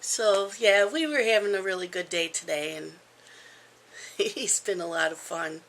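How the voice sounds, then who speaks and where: A woman's voice: medium pitch, measured pace, a bit bright, slight background noise. A woman in her fifties chatting casually at home in a rambling vlog, with frequent ums. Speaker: crafting vlogger.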